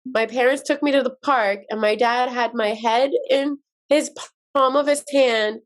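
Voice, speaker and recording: A fairly high-pitched woman from Iran speaks as a guest on a podcast. She tells her childhood stories slowly and vividly, lingering over each memory. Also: steady tone. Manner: slow, vivid storytelling. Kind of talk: storytelling interview.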